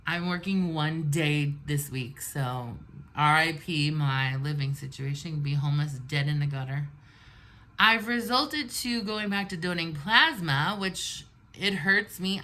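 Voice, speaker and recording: A woman in her forties with a low, bright, forceful voice vents bluntly and animatedly in a get-ready-with-me storytime. She's a vlogger, doing her makeup as she talks.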